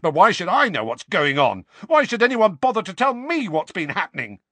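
A man voicing a furious, shouting teenage boy. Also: on the high side, sing-song, normal speed, husky, no room sound, pitched above the performer's own voice, exaggerated voice. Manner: shouting angry questions.

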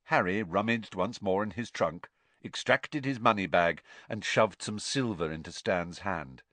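A man reading a story aloud, in an expressive audiobook narration. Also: deep voice, measured pace, dry recording.

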